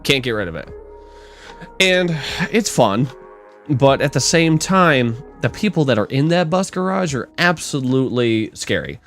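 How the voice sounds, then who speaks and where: Animated, swearing young man telling stories. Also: medium pitch, measured pace, faint music behind. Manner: animated, swearing storyteller who acts out quotes loudly. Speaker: podcast co-host. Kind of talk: casual storytelling chat.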